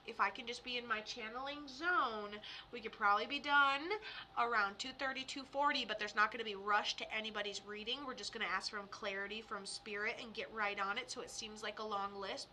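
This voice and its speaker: Young woman, live-stream medium host; high, very bright voice; chatty and giggly. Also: a little hiss or hum. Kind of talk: casual live-stream reading.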